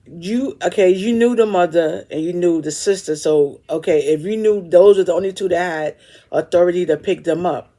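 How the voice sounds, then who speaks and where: A man's voice: high voice, moderate pace, dark tone. A man hosting a reaction video, giving his opinions on a story in casual commentary. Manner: opinionated, talks it through. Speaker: reaction host.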